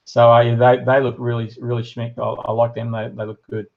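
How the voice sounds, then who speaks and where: A man's voice: medium pitch, monotone, a little fast, narrow, tinny audio. A middle-aged Australian man hosting a casual live stream, reading viewer comments aloud and chatting with lots of ums and uhs. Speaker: livestream host and shop owner.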